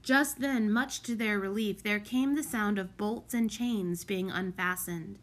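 A woman reading a children's novel aloud as an audiobook narrator, in an unhurried, clear storybook manner. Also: mid-range voice. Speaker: audiobook reader. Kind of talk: scripted narration.

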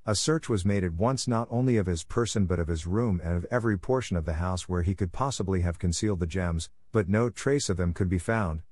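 Male audiobook narrator, low voice, dry close recording, measured first-person telling. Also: a little mellow, dry recording.

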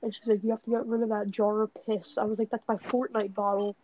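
A man's voice: sits high, little pitch movement, fast, a little mellow, a little hiss or hum. A young man co-hosting a podcast, joking in crude, profane banter and cutting in on the others. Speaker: podcast co-host. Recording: dull lo-fi sound.

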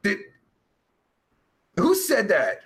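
A man hosting a live stream, reading chat aloud in a brash, profane, loud way. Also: sits high, huge pitch swings, extremely slow.

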